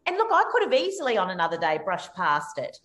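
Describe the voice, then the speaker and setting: A woman's voice: quick pace, slight background noise. A woman speaking as an interview guest, telling anecdotes animatedly over a video call. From Australia. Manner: animated storytelling, rises sharply in pitch for lively anecdotes. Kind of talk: conversational interview.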